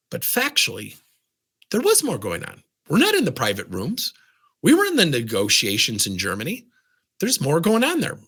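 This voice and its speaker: Energetic male coach, lively swooping delivery, slightly husky tone. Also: fairly low pitch. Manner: animated, asks rhetorical questions. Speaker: business coach. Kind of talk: lively coaching talk to camera.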